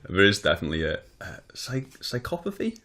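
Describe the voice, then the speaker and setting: A man's voice: lowish voice, huge pitch swings, a little fast, bright, forceful tone. A man in casual podcast chat, easygoing and agreeable. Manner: easygoing, agreeable, laughs along. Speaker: podcast co-host.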